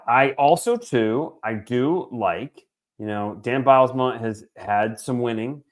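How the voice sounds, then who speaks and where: A man in his forties co-hosting a podcast, talking sports in an animated, joking way and swearing freely. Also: mid-range voice. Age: 40s. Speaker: podcast co-host. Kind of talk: casual sports chat.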